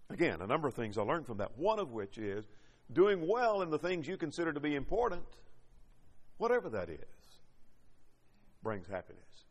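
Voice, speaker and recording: A man's voice: on the high side, sing-song, normal speed, pauses often, in a large hall. A man preaching a sermon, reading scripture and building points with rising and falling emphasis.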